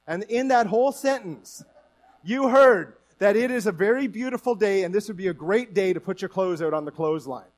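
A man's voice: high voice, expressive, brisk. A man from Newfoundland with a Newfoundland accent, preaching a conversational sermon to his congregation and asking them questions. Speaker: pastor.

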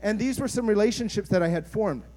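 A man's voice: high voice, fast talker, mellow. A man, a pastor, preaching an earnest, conversational sermon and putting questions to his congregation.

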